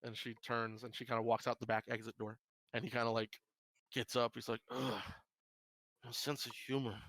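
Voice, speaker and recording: Give me a mid-pitched man game master narrating a scene, loosely and rambling, with a dry sound. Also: monotone, fairly quick, a bit bright, dry recording, poor audio. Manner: rambling, many fillers and restarts. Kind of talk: improvised tabletop narration.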